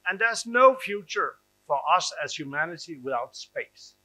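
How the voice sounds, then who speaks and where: Emphatic older man, bright voice. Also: on the high side, very animated, moderate pace, rough recording. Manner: emphatic, repeats phrases for stress. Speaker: ambassador and panel speaker. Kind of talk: conference speech.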